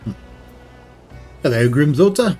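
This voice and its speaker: A man's voice: a little high, expressive, a little slow, warm tone, faint music behind. A man streaming a game and commenting in a wry, jokey, playful way.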